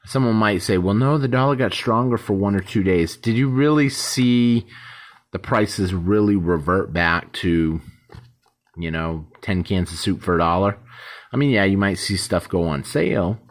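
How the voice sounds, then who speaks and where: A man's voice: lowish voice, normal speed. A man hosting his own channel, talking casually and rambling, acting out short quoted exchanges. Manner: rambling, conversational, acts out little quoted exchanges. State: yawning, tired. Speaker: YouTube host. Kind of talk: casual talk to camera.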